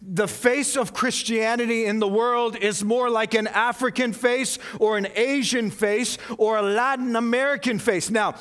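A male pastor delivers a sermon in a notably high voice, taking his time over every phrase. He drives points home through repetition, rising to loud, emphatic peaks before sinking into hushed, intense passages. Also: fairly even intonation, measured pace, few pauses, clear, resonant tone.

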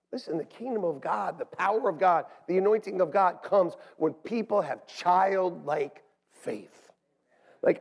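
A man preaching a sermon as pastor in a church, animated and swinging between hushed asides and shouts. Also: high-pitched, gravelly, husky. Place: church sanctuary. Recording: long hall reverb.

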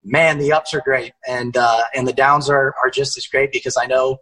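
Young man, husky voice, bright tone, casual energetic talk. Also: medium pitch, moderate pace, low-quality recording. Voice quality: energetic, swears casually, lots of fillers. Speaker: actor guest. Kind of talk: casual podcast chat.

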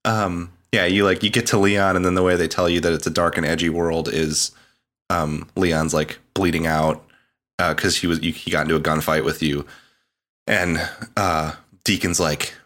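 A man with a deep, low-pitched voice talks casually on a gaming podcast. He retells a game's plot in a loose, rambling way, laughing often and slipping into quick mock voices for the characters. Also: little pitch movement, a bit bright. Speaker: podcast co-host. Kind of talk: casual chat.

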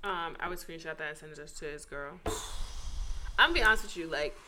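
A woman's voice: low voice, brisk, sharp tone, slight background noise. A woman co-hosting a casual podcast chat, giving blunt, outspoken opinions. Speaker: podcast co-host.

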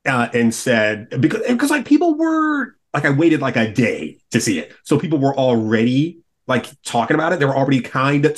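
A man talking as a podcast guest, animated and opinionated, now and then swearing. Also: on the high side. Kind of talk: casual roundtable chat.

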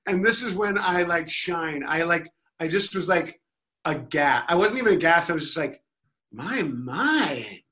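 Bright-voiced man telling a rambling story. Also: a little high, normal speed. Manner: rambling, self-amused, acts out loud mock quotes. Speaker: storyteller panelist. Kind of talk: comedic storytelling on a panel podcast.

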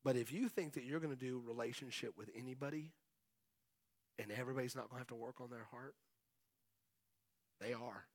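A middle-aged pastor preaches a sermon in a conversational way, chatting with the congregation and calling out to them for answers. His mid-range voice moves a little fast with long pauses, and there's no echo.

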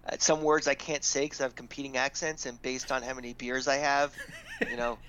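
A podcast co-host chats casually about sports, rambling with lots of "you know." His medium-pitched, fairly bright voice is a little fast with fairly even intonation, and his accent mixes a light Long Island sound with Florida; the slightly dull lo-fi mic picks up slight background noise.

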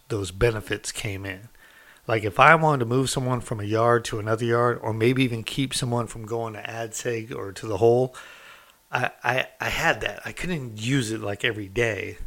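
Sprinkling in plenty of "you know" and "like," a man who was once in prison relates a story in relaxed, conversational fashion. He speaks on the low side with a fairly bright tone.

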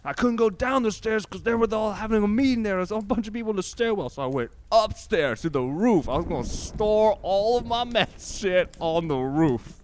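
A man playing a shady tenant hiding a meth lab in an improv comedy scene. He tells his story in a high, excitable voice and chuckles often. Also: moderate pace, few pauses.

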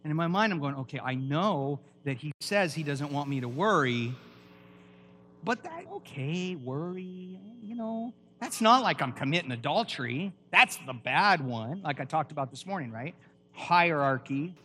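A man preaching a lively sermon at a church, emphatic and quizzing the congregation with questions. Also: a little high, normal speed, a little hiss or hum. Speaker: pastor.

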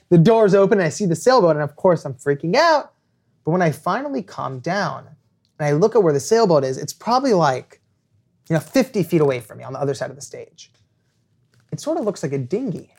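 Lively young man telling a story. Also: high voice. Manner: animated, acts out quoted lines. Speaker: podcast guest, author. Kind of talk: storytelling anecdote.

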